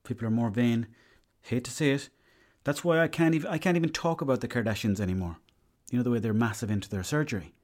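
A man's voice: medium pitch, fast, a little mellow. A young Irish man hosting a podcast, telling a long story in a rambling, profane way and slipping into quoted asides. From Ireland. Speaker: podcast host. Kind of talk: casual storytelling monologue.

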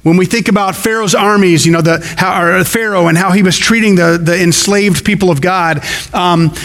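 A man's voice: high voice, steady tone, moderate pace, fairly bright tone. A man preaching a sermon as pastor, in a conversational way with folksy asides. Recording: long hall reverb.

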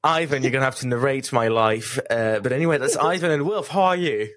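A man's voice: medium pitch, fairly quick, a bit bright, dry recording, clean studio sound. A man hosting a casual podcast, playful and teasing with his co-hosts. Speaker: podcast host.

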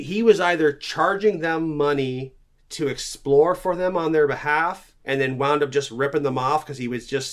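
Man, podcast host, casual storytelling, chatty tangents, a bit higher voice. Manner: chatty, half-remembered tangents. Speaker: podcast co-host telling folklore stories.

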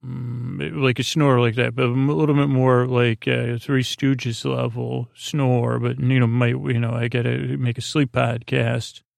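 A man hosting a sleep podcast, retelling an episode in a meandering, hesitant way with many pauses and restarts. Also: medium pitch, flat delivery, creaky, no room sound, studio quality. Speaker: podcast host.

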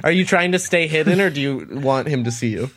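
A man's voice: fairly high pitch, animated, a little fast, a bit bright. Playful male game master. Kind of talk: narrating a tabletop game.

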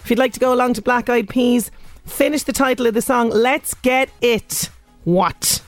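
A woman's voice: a little high, steady tone, fast, no echo, soft background music. A woman with an Irish accent presenting a radio show in casual chat, laughing often as she talks.

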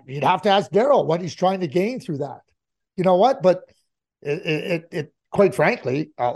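A man's voice: high-pitched, darkish tone. A man talking hockey as an analyst in a casual chat, emphatic and repeating his points for effect.

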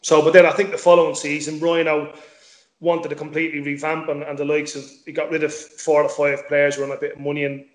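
A middle-aged man talks quickly, repeating words as he goes and dropping the odd swear. His voice sits a touch high for a man. The room around him is echoey. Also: little pitch movement. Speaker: former footballer, guest. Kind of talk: casual interview chat.

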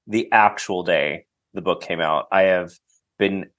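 A man's voice: deep voice, unhurried, fairly bright tone. A man as a podcast guest, chatting casually and enthusiastically with lots of fillers. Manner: enthusiastic, gushing, filler-heavy.

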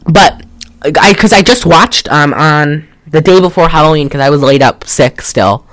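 A podcast co-host in a rambling, excitable, casual movie review chat, often laughing and swearing. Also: mid-range voice, moderate pace, no room sound.

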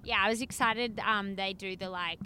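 A woman's voice: mid-range voice, fairly even intonation, moderate pace. A young woman, co-hosting a casual chat, telling stories against herself and swearing casually. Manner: self-deprecating storyteller, swears casually. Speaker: podcast co-host. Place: inside a car. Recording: car recording with road noise.

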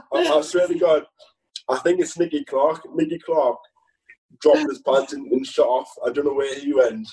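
Here a footballer guest tells easygoing dressing-room anecdotes, his voice dark and mellow yet a touch high, moving at ordinary speed. Laughter and restarted, rambling sentences run through it. He's far from the microphone on a low-grade recording.

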